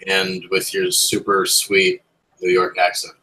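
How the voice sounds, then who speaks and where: A man's voice: sits low, monotone, measured pace, pushed and bright, low-quality recording. A young man narrating a tabletop horror game as game master, casual and rambling, with lots of ums and swearing.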